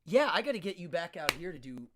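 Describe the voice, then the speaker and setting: A man's voice: a little high, big pitch swings, fast, sharp tone, slight background noise. A man hosting a live internet show, chatting casually and rambling with frequent laughs. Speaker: host. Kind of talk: casual live-stream chat.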